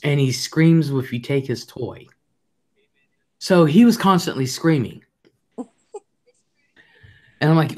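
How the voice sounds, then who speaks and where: A woman's voice: low voice, slow pace, pauses often, a little mellow. An older woman hosting a live chat show, telling rambling, profane stories in a blunt way and reading out viewer comments.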